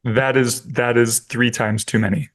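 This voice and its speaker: A man's voice: medium pitch, little pitch movement, measured pace, a bit bright. A man co-hosting a podcast, chatting casually and answering with brief wry remarks. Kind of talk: casual chat.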